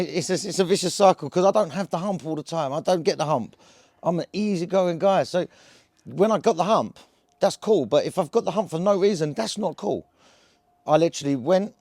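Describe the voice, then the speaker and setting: A cannabis vlogger rambles casually to camera, his voice a bit high for a man and somewhat dark in tone. He's slangy and chatty, packing his talk with fillers and quick "yeah?" tag questions. The close mic makes the sound very dry, with no echo.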